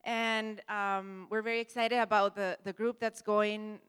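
A woman whose first language is Spanish, greeting a church congregation in a gracious, slightly halting way. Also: mid-range voice, little pitch movement, fairly bright tone, clean tone, in a large hall. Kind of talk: church guest talk. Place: church sanctuary.

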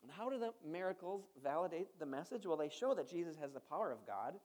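A man's voice: a little high, sing-song, quick pace, a little mellow. A male pastor giving a sermon in a conversational style, asking the congregation rhetorical questions and adding playful asides.

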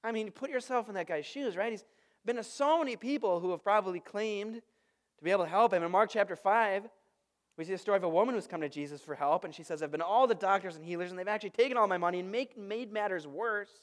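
A man in his thirties, a pastor giving a sermon in a relaxed, conversational storytelling way. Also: high-pitched, quick pace. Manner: conversational, storytelling with lively asides.

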